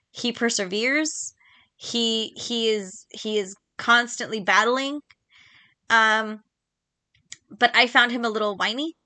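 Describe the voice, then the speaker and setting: A woman's voice: fairly high pitch, pushed and bright, no echo. A woman hosting a casual book podcast, talking chattily and emphatically, repeating points for stress with lots of ums and little laughs. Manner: quick laughs between points. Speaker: podcast host. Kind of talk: casual solo book chat.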